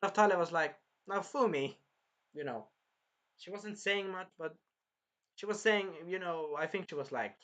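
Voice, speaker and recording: A man recapping an anime episode in an excitable, rambling way, jumping between plot points. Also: high-pitched, normal speed. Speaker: anime reviewer.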